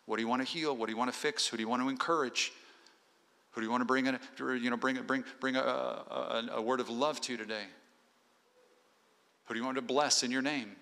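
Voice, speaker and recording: A man's voice: medium pitch, fairly even intonation, brisk, vocal fry, sharp tone. A male pastor preaching an earnest sermon in a church, exhorting the congregation point by point. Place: church sanctuary. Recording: long hall reverb.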